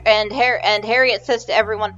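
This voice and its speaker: A woman's voice: medium pitch, steady tone, a little fast, a bit bright, muffled recording, faint music behind. A woman narrating a tabletop game as game master, rambling and hesitant with many fillers.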